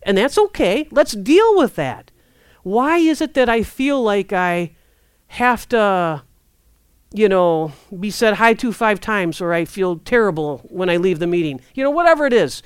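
A woman preaching a sermon in a conversational, lively way, acting out prayers and inner thoughts. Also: medium pitch, a little slow, clear, resonant tone, no room sound, clean studio sound.

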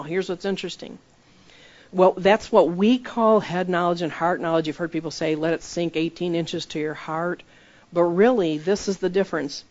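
A middle-aged woman preaching a sermon and leading a guided visualization, acting out voices in the story. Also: darkish tone. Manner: leads guided visualization, acts out quoted voices with rising pitch. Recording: dull lo-fi recording.

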